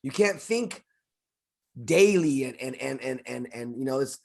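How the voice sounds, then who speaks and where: A man co-hosting a casual podcast, telling history in an emphatic, drawn-out way with many restarts. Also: medium pitch, lively intonation, gravelly, a little mellow. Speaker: podcast co-host.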